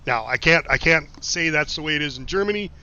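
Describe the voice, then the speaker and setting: A middle-aged man from the United States streams games and chats casually, wandering through anecdotes, swearing a lot, and tossing in laughing asides as he reads chat. He talks fast with lively intonation in a bright, forceful, high-leaning voice, recorded dry on a dull lo-fi stream mic.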